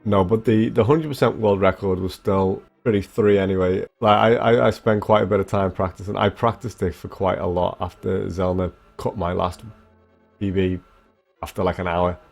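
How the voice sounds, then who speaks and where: A young man with a deep, low-pitched voice talks loosely to his stream viewers, swearing now and then and jumping between thoughts. Faint music plays under his chatter. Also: fairly even intonation, moderate pace, vocal fry, a little mellow. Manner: rambling, swearing, talks straight to chat. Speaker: speedrunner streamer. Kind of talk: casual livestream chat with viewers.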